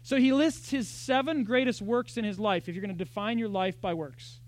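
A man with a high-sitting voice preaches at normal speed, a pastor giving a lively, conversational church sermon packed with rhetorical questions.

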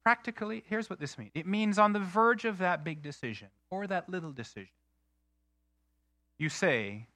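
A man preaching a sermon in an earnest, emphatic way, slowing down to stress key phrases. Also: high-pitched, expressive, sharp tone, dry recording. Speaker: pastor.

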